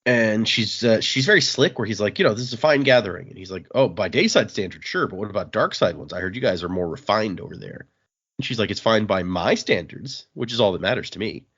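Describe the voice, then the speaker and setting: Man, low voice, casual podcast plot recap, quick character asides, dull muffled audio. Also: animated, fairly bright tone, breathy edge. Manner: summarizes plot, briefly voicing characters in quotes. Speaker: podcast host recapping a comic. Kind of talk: casual chat.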